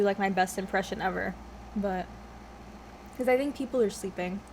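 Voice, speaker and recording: Young woman vlogging while she eats, scatterbrained and sweary, laughs a lot, mid-pitched voice, bit of background hiss. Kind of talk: casual mukbang chat.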